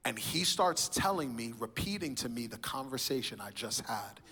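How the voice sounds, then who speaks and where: Bright-voiced man testifying in a reverberant church. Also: mid-range voice, moderate pace. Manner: animated storytelling, acting out quoted voices. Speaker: speaker sharing his testimony. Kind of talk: sermon-style personal testimony. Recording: reverberant hall.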